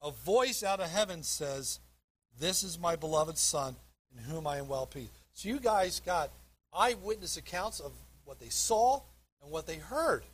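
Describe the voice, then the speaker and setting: A man with a high, husky voice delivers a sermon from the pulpit. He reads scripture aloud verse by verse and leans hard on the words he wants to land. His preaching is emphatic and direct. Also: expressive, unhurried, fairly bright tone. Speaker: pastor.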